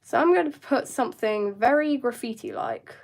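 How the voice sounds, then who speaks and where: A woman's voice: on the high side, huge pitch swings, moderate pace, vocal fry, darkish tone, slight background noise. A young woman chatting through a live drawing tutorial, rambling and joking with her chat. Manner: chatty, self-mocking asides to chat. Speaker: art streamer.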